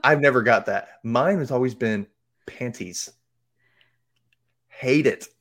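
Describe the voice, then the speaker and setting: A man's voice: medium pitch, takes it slowly, fairly bright tone. A man from Mississippi with a light Southern accent and theater-trained diction, rambling through stories with lots of fillers as a podcast guest. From Mississippi, USA. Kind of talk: casual chat.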